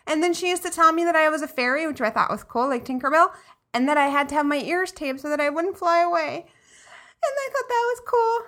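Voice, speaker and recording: A woman with a high, bright voice banters in a relaxed chat with friends. She is playful and giggles easily. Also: a little fast. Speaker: podcast co-host. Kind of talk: casual chat among friends.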